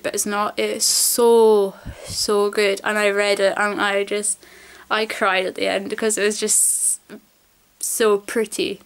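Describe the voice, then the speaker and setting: A woman vlogger chats straight to camera in a loose, rambling way. She gushes about her favourite things, her voice sits a little on the high side, and she drops the odd swear word. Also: clean tone. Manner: chatty, rambling and gushing, with casual swearing. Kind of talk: casual chat to camera.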